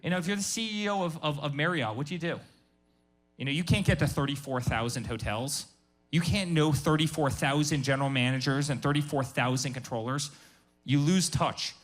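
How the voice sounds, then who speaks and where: A man's voice: on the high side, a little fast, faint music behind. A man speaking as a guest business founder at a live workshop, emphatic and passionate, often repeating his words.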